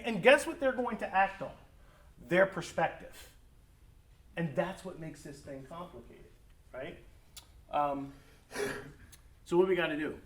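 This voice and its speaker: A middle-aged man preaching as a pastor in a conversational, animated way, acting out family conversations. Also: on the high side. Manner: animated, acts out family dialogue. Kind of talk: conversational sermon talk. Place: church or school hall. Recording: echoey room, mic from a distance.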